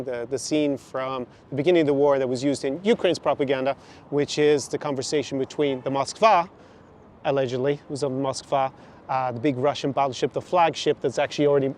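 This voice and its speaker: A man's voice: medium pitch, darkish tone. A man giving critical, sarcastic reaction commentary on a clip, outdoors in a city. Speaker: YouTuber reacting to a video.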